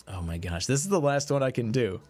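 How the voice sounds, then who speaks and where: Guy streaming a mobile game, super lively up and down voice, hyping himself up then grumbling, bit of music in the back. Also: mid-range voice, a little fast. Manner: excitable, self-mocking, swings between hype and deflated mumbling. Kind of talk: live-stream commentary on gacha pulls.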